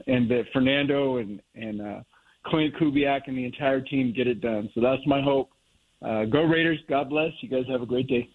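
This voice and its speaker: Middle-aged guy calling in from the monterey bay area, slow and heartfelt, thin phone-line sound. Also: mid-range voice. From Monterey Bay area, California. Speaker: caller. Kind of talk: call-in reminiscing.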